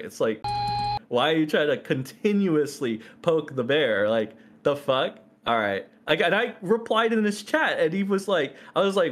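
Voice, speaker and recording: A man's voice: fairly high pitch, expressive, normal speed, a little hiss or hum. Ranting angry man on a call. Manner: angry, ranting, swears a lot. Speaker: streamer in a debate. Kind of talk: heated profane argument.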